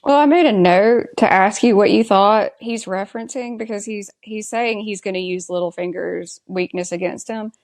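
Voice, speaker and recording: A woman's voice: medium pitch, normal speed, few pauses, a little mellow. A woman co-hosting a podcast, chatting casually and with strong opinions as she recaps a TV episode and asks her co-host's views. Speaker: podcast co-host.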